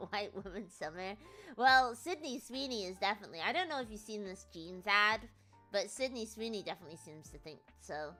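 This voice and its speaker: A woman's voice: medium pitch, lively intonation, moderate pace, bright, forceful tone, soft background music. A woman VTuber streamer telling a travel story in rambling, chatty casual talk, laughing often at herself. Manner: rambling, chatty, self-deprecating with frequent laughs.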